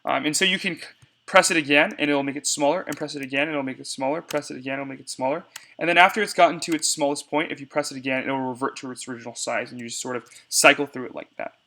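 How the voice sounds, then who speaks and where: A man's voice: mid-range voice, fairly even intonation, fast talker, gravelly, pushed and bright. A young man giving a casual step-by-step screencast tutorial on cutting debate cards, talking to viewers as y'all.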